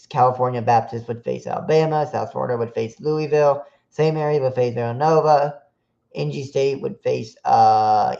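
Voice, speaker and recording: A man's voice: mid-range voice, gravelly, mellow. A man hosting a solo sports podcast stream, reading off team matchups with frequent fillers and restarts. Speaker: podcast host. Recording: dull lo-fi sound.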